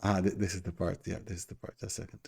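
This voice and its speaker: A man's voice: low voice, flat delivery, rapid-fire, creaky, a little mellow, breathy edge. A middle-aged man hosting a reaction video, talking casually in an effusive, rambling way with many restarts.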